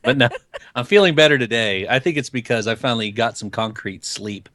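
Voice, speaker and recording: A man's voice: medium pitch, brisk, fairly bright tone, no echo, studio quality. Joking Southern man with a cold. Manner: rambling, joking, does playful voices. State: sniffly from a cold. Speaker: podcast co-host. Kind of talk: casual chat.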